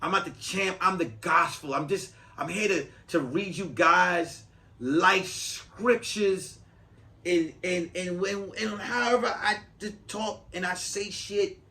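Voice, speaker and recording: A man's voice: sits high, sharp tone. A man hosting a podcast as a comedian, giving profane, emphatic, rambling advice in a comic monologue.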